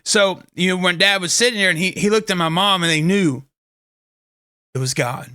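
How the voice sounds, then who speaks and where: A man with a bright, forceful tone and a slightly high voice talks earnestly about his faith and stumbles through restarts as he tells a story. The sound is close and dry. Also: brisk, clean tone, no room sound. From Kentucky. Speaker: host of a faith talk show. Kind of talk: casual inspirational talk.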